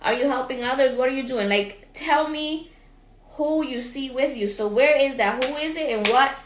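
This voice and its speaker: High-pitched, energetic woman coach in echoey room. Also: normal speed, slight background noise. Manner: energetic, repeats questions to the audience, says y'all. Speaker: life and business coach. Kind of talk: motivational livestream talk.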